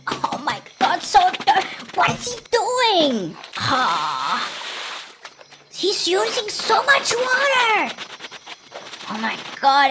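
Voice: very high-pitched, background noise. A reaction video host who exclaims, gasps and giggles at clips and makes up rhyming nonsense words. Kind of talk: excited reaction commentary. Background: music from the clips.

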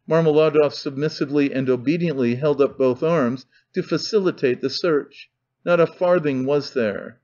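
A man reading an audiobook in measured, deliberate narration. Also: on the high side, a little mellow. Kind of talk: scripted narration. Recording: dull lo-fi recording.

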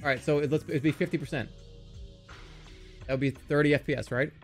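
A man commentating on games live, excitable and often breaking into laughter or shouting. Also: fairly high pitch, a little fast, faint music behind. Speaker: streamer. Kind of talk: live game-stream commentary.

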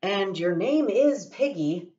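A woman voicing an anxious, earnest male elephant, speaking low, slow and puzzled. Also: lively intonation, mellow, highs cut off.

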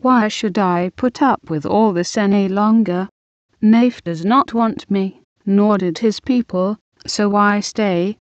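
Storybook role: fierce, resentful young wife voiced by a woman, slow delivery, dry muffled recording. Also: medium pitch, no room sound, close to an everyday voice. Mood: bitter.

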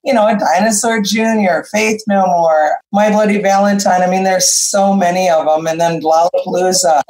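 A middle-aged woman guest musician telling stories in casual interview chat, animated and effusive. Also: lowish voice, moderate pace. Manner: animated storyteller, rambling and effusive. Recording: roomy echoey room sound.

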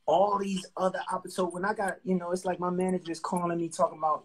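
A middle-aged man from New Jersey, a singer-songwriter guest telling stories in a casual, animated way and acting out quotes in slang. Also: sits high, brisk, few pauses, rough recording. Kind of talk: casual storytelling interview.

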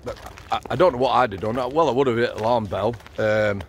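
A man's voice: mid-range voice, brisk, a little hiss or hum. A middle-aged man with a Yorkshire accent, a former prison officer telling blunt, matter-of-fact stories while walking outdoors at night. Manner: blunt, matter-of-fact storyteller, swears freely. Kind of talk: casual storytelling on a night walk.

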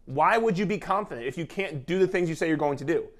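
Speaking quickly in a fairly high, animated voice, this fitness coach gives viewers a motivational weight-loss talk on camera. He drives his points home through emphasis and repetition, keeping things casual and swearing now and then.

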